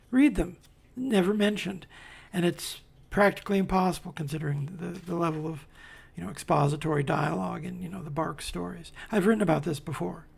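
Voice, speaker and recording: A man's voice: high-pitched, gravelly, slightly rough. A man casually reviewing comics as he pages through them, rambling with wry asides and many fillers. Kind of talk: casual commentary while paging through comics.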